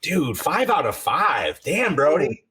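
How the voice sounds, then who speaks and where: A man co-hosting a casual podcast, excitable and profane, calling everyone dude. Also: fairly high pitch, slow, husky. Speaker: podcast co-host.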